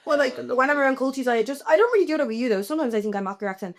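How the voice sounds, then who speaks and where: A woman with a Dublin accent hosts a casual podcast chat. She talks in an animated, chatty way, with her sentences full of "like". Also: high-pitched, racing. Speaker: podcast host.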